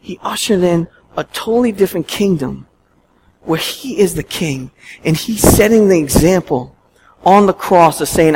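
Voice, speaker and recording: A man preaching a sermon as pastor, telling a story in an animated, emphatic way. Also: sits high, normal speed, noisy background. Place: church.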